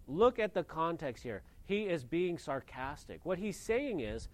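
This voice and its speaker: A man preaching a sermon, moving between loud emphasis and quiet, low scripture reading and plain explanation. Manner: reads scripture aloud and explains it. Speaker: pastor.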